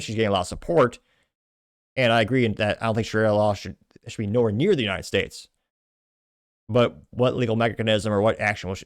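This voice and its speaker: A man from Texas hosting a political commentary show, reading posts aloud with quick, opinionated asides. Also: lowish voice, dry recording, studio quality. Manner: quick, opinionated, frequent restarts. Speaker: host.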